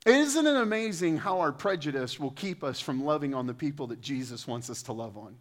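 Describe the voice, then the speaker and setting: A man preaching a sermon to a congregation in a lively, conversational way, getting louder and higher when he quotes scripture and dropping into casual asides. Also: a little fast. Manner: animated, rises in pitch and volume when quoting scripture. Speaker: pastor.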